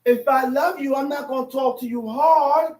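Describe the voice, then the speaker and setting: High-pitched guy preaching a bible class, loud and animated, sounds far from the mic. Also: moderate pace. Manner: animated, often shouting, laughs. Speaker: Bible teacher. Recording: roomy sound from a distant mic.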